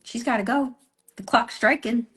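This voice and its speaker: A woman's voice: a little high, normal speed. A woman business coach giving a motivational live talk, telling stories with animation and talking straight to her listeners. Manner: animated storytelling, calls listeners "y'all" and "honey". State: slight cold.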